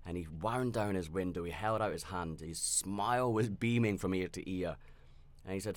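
A man with a very deep voice tells a personal story on his own podcast. He talks candidly and reflectively, often restarting his sentences and filling pauses as he rambles. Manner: reflective and self-aware. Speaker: podcast host.

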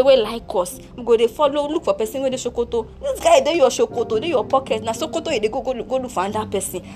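A woman's voice: fairly high pitch, close to an everyday voice. A woman doing a cheeky Nigerian younger sister. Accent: Nigerian Pidgin. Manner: brisk, teasing, mixes Pidgin and Yoruba. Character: cheeky, blunt younger sister, consoling and teasing. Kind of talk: homemade audio drama.

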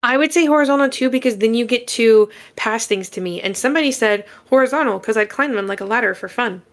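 Blunt, animated young woman co-host. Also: on the high side, quick pace. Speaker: podcast co-host. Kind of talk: casual chat.

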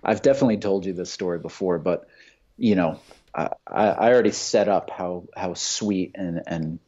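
A man's voice: deep voice, normal speed, dark tone, slight background noise. A man telling profane, heated stories in casual chat. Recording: dull lo-fi sound.

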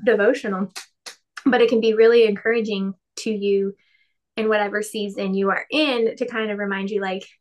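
A woman's voice: medium pitch, fairly even intonation, normal speed, darkish tone. A woman in her thirties co-hosting a casual faith podcast, chatty, laughing often and acting out quotes. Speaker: podcast co-host.

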